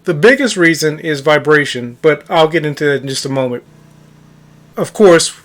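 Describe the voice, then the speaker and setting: High-voiced man coaching on manifestation. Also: a bit bright. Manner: storytelling, stresses words for emphasis; addresses listeners as guys. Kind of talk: casual monologue.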